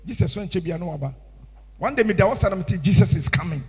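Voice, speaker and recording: A man with a Ghanaian English accent preaching a sermon as pastor, impassioned, swinging from hushed tones to shouts. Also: high-pitched, expressive, fast talker, slightly rough, long reverb tail.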